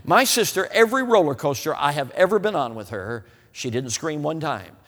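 A man's voice: fairly high pitch, normal speed. A man preaching a humorous, folksy sermon, telling stories and often asking the audience whether they know what he means. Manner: folksy, animated, asks the audience. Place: church hall. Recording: reverberant hall.

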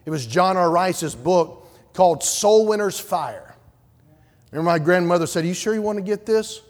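Male pastor, high-pitched, fervent sermon delivery with hushed asides, long church reverb. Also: animated, normal speed. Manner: preaching with swells to loud fervor and drops to soft, hushed pleading. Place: church sanctuary.

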